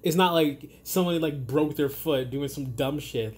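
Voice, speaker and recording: A man's voice: on the high side, moderate pace. A man ranting casually to camera in a blunt, profane and rambling way, often restarting his sentences. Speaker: vlogger.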